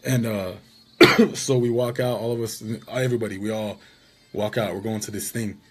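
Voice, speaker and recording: A man's voice: on the low side, steady tone, normal speed, background noise. A man casually telling a rambling story about being wronged, with an indignant tone. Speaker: vlogger.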